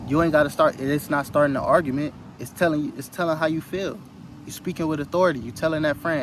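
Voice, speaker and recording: A man's voice: on the high side, a little fast, slight background noise, rough recording. A man giving an earnest, rambling motivational talk into his phone outdoors, repeating phrases for emphasis. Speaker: spiritual vlogger.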